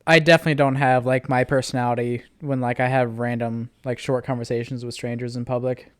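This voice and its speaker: A man's voice: medium pitch, little pitch movement, fast, clean tone, dry recording. A young man co-hosting a podcast in casual chat, easygoing and agreeable. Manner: easygoing, agreeable, laughs along. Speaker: podcast co-host.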